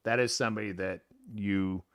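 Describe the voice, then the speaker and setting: A man's voice: lowish voice, fairly even intonation, moderate pace, creaky, no room sound, clean studio sound. A man co-hosting a podcast, joking and teasing in casual chat. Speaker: podcast co-host.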